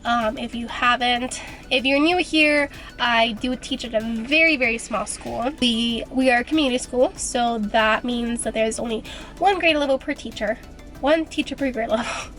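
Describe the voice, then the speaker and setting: A woman's voice: a little high, moderate pace, fairly bright tone, echoey room, faint music behind. A woman who teaches first grade, chatting casually in a vlog from her car, congested with a stuffy nose and a bit frazzled.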